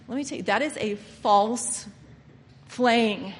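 A woman preaching a sermon, impassioned and emphatic, sometimes dropping to soft murmurs and sometimes mocking people by acting out their inner voices. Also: on the high side, extremely slow, long pauses. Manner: impassioned, swinging between soft murmurs and loud emphatic lines. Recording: reverberant hall with faint background noise.

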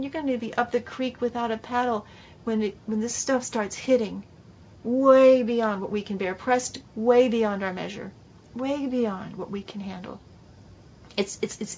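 A woman's voice: fairly high pitch, a little hiss or hum. Emphatic woman preaching on a lo-fi tape. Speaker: Bible teacher. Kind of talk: sermon-style class teaching. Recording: dull lo-fi recording.

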